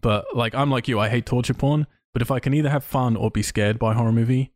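A man co-hosting a podcast in casual chat, enthusiastic and quick, swearing freely. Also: medium pitch, steady tone, a little mellow, no echo, studio quality. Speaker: podcast co-host.

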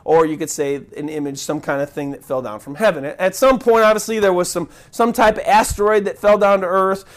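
A man preaches as pastor in a brisk, high-pitched voice. His animated, conversational sermon includes crowd voices and chants he acts out, along with many restarts and asides to the congregation.

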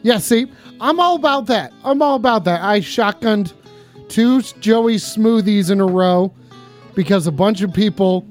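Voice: mid-range voice, measured pace, soft background music. Goofy tipsy streamer reading chat. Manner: goofy, reads chat questions aloud.

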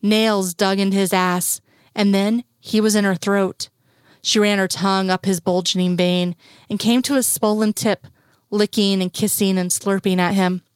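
A woman reads a story aloud in a steady, unhurried voice of middling pitch. She sits close to the mic in a dry space with no room sound. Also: clear, resonant tone, dry recording. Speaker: reader. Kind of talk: reading fiction aloud.

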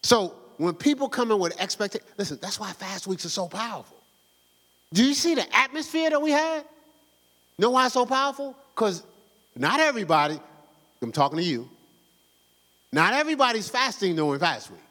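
Male pastor, sermon, fervent and slangy; lively delivery with long hall echo. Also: high voice, moderate pace, pauses often. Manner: fervent and conversational, slangy, exhorting the congregation.

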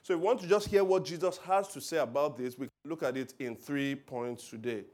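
A man preaching a sermon, telling stories with loud emphatic bursts and quiet asides. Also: on the high side, brisk. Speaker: pastor.

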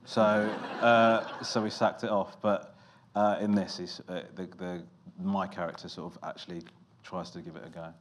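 A man with a lowish voice chats as a comedy guest, dry and self-mocking, stumbling over his words with plenty of fillers. There is a faint hiss of noise behind him. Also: flat delivery, moderate pace, hardly any pauses. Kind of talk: casual chat interview.

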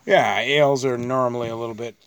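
A relaxed man from Canada talks his way through a beer tasting, rambling and swearing easily. His voice sits at an ordinary middle pitch. A clear hiss of noise runs under the recording. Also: brisk. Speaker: beer podcast co-host. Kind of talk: casual chat over beer tasting. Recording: noisy home recording.

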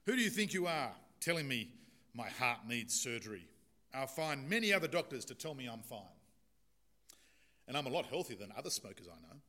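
A man's voice: mid-range voice, sing-song, brisk, sharp tone. A man voicing a menacing, furious male patient who refuses the doctor's diagnosis. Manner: angry, defiant, raised voice.

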